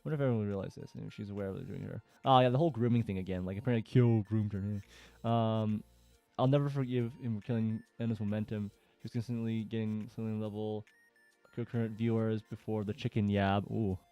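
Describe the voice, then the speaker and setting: A man's voice: fairly low pitch, steady tone, brisk, clean tone, no room sound, muffled recording, soft background music. A man casually reading forum posts aloud and commenting, with lots of fillers and chuckles. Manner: chatty, with frequent fillers and laughter.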